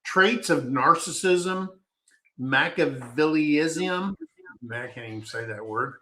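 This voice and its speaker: A man's voice: medium pitch, animated, normal speed, bright, forceful tone, slight background noise. A man telling a personal story in a casual, rambling, folksy way, often stopping to restart his sentences.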